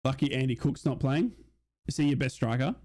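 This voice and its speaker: A young man hosting a live football watch-along, chatting casually and reading out viewer shout-outs. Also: medium pitch, a little fast. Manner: chatty, reads out chat messages and shout-outs. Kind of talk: casual live-stream chat and mock commentary.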